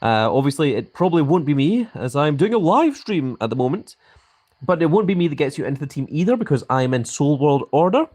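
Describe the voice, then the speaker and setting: Lively grand-sounding Scottish man. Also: on the high side, fairly quick. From Scotland. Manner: carefully enunciated, grand manner of speaking. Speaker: mobile game live streamer. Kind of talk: live stream chat reading.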